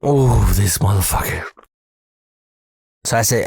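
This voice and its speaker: A man telling a comedic personal story, animated and full of profanity. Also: mid-range voice, normal speed, long pauses, no room sound, studio quality.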